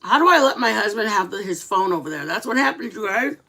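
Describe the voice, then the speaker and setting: Bright, animated middle-aged woman chatting. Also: medium pitch, fast, slightly rough. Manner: animated, chatty, dramatic storytelling. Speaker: livestream host. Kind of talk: casual livestream chat with viewers.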